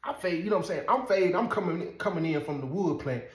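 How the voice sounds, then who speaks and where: A man telling a story in a casual, animated way, laughing often and asking "you know what I'm saying". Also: high-pitched, quick pace. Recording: roomy echo.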